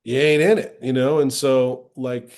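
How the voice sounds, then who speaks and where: A middle-aged man speaking as an interview guest, telling stories from his past in a relaxed, candid way. His voice sits at an ordinary middle pitch, and he jumps up when he acts out quoted lines. The delivery is animated and conversational. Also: measured pace. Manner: animated retelling, acting out quoted voices with lively shifts. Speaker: actor, podcast guest. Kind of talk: candid storytelling in a casual interview.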